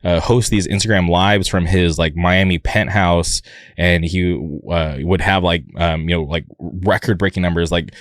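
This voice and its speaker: A man with a very low voice hosts a podcast and rambles through a story, full of fillers and hesitation. The sound is dry and close. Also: steady tone, moderate pace, no room sound. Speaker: podcast host. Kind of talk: casual podcast chat.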